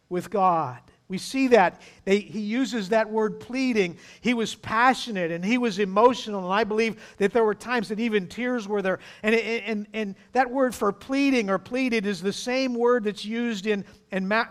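A man preaching a sermon as pastor, emphatic, acting out voices from the scripture. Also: high-pitched. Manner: emphatic, acts out pleading voices.

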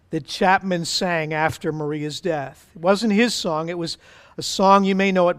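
A man's voice: on the high side, measured pace, fairly bright tone. A man pastor leading prayer and preaching a sermon in an emphatic, fervent way.

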